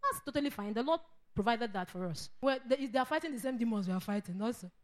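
High-voiced emphatic woman preaching. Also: lively intonation, fast talker. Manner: emphatic, repeats phrases, acts out quoted voices. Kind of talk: sermon.

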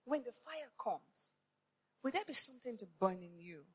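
A woman preaching a sermon to women, passionate and repetitive, firing rhetorical questions and rising to shouts. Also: a little high, animated, normal speed.

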